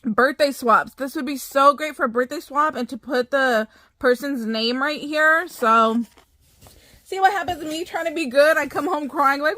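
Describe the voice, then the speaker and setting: A woman's voice: high-pitched, lively intonation, normal speed, fairly bright tone, dry recording. A young American woman chatting casually to her viewers as a craft vlogger, gushing and bubbly. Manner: bubbly, gushing, talks to viewers as you guys. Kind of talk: casual haul chat.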